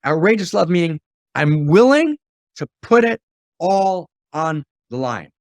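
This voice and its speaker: A man's voice: on the high side, very animated, measured pace, no echo. Impassioned man with a preacher's swings. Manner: swings from hushed to fiery and exclamatory; rhetorical questions and repetition. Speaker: spiritual teacher. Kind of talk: impassioned spiritual talk.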